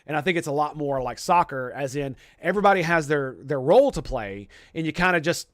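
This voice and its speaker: A young man with a somewhat high voice, riffing in casual commentary. He rambles, swears freely and keeps restarting his sentences. The sound is dry and close. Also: expressive, a little fast, a bit bright, no room sound. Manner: rambling, profane, many restarts. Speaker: streamer host.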